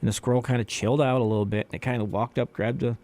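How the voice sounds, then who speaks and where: A man co-hosting a community radio talk show, telling stories in a lively way and acting out the people he quotes. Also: medium pitch, rapid-fire. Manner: animated storyteller who acts out quoted voices. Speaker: radio co-host. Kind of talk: casual chat.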